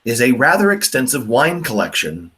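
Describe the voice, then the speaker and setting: A young male teacher lecturing in a loose, joking way. His pitch leaps around as he mocks ideas, and he stumbles through fillers and restarts. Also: moderate pace. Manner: animated, mocking, lots of fillers. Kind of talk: classroom lecture.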